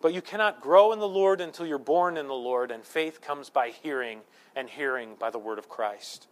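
A man in his thirties, a pastor preaching a sermon with lively storytelling and self-deprecating humor, swinging between loud emphasis and hushed asides. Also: medium pitch, normal speed.

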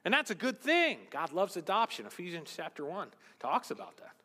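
A man preaching a sermon as pastor, swinging between loud emphasis and hushed asides. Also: high voice, big pitch swings, brisk. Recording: long hall reverb.

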